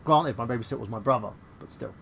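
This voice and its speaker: A man's voice: medium pitch, fast talker, gravelly, fairly bright tone, slight background noise. A man co-hosting a casual podcast chat who rambles, stammers and reads chat comments aloud. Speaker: podcast co-host.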